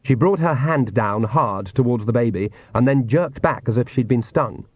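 A man narrating an audiobook in an even, wry storytelling manner. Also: mid-range voice, moderate pace, no echo. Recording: dull, muffled audio.

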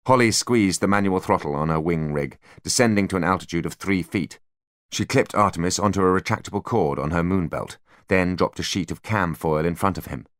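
A man narrating an audiobook in an expressive, dramatic way. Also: low-pitched, dry recording, clean studio sound. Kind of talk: scripted narration.

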